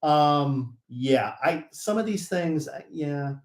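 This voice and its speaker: A man's voice: a little high, slow, reverberant. A man co-hosting a podcast, talking in a playful, giggly way. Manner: playful and giggly, fond of silly jokes. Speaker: podcast co-host. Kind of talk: casual podcast banter.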